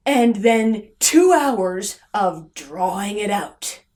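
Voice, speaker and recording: A young woman vlogger rants about a film with sarcasm and exasperation, lurching between loud outbursts and low muttering. She stretches her words out expressively and barely pauses.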